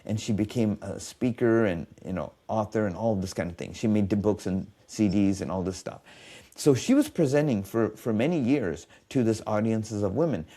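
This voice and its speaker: A man's voice: lowish voice, dark tone, slightly rough. A man telling stories in a podcast conversation as a biofeedback specialist, acting out quoted dialogue.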